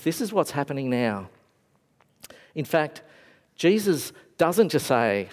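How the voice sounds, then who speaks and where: A man's voice: a little high, very animated, takes it slowly, pauses often. Reflective preacher man in an echoing hall. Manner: reflective, swings between raised and hushed voice. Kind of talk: sermon. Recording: long hall reverb.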